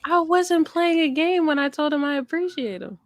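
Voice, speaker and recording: A woman in her twenties answers friends' teasing in a soft, low-key, fairly monotone voice. Her pitch sits a little high. The recording is close and dry. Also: moderate pace, no echo. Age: 20s. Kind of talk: casual chat.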